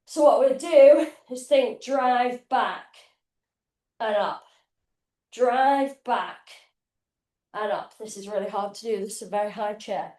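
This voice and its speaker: Breathless high-voiced woman fitness coach. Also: slow pace, long pauses, echoey room. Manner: casual, energetic, swears freely. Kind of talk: live online workout demonstration. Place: home kitchen, indoors.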